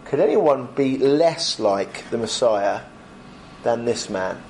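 A man's voice: medium pitch, animated, a little mellow, slight background noise. Man giving a lunchtime Bible talk. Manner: conversational, frequent ums, slows for emphasis. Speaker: preacher.

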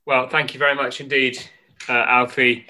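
A man's voice: mid-range voice, little pitch movement, moderate pace, pushed and bright. A man hosting an online meeting, speaking politely and hesitantly with many fillers. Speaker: meeting host.

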